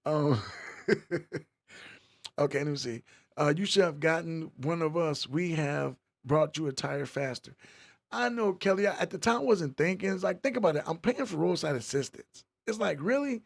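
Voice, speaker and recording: A man's voice: on the high side, expressive, moderate pace, gravelly. A man hosting a casual livestream podcast, playfully teasing and reading chat comments aloud. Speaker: podcast host.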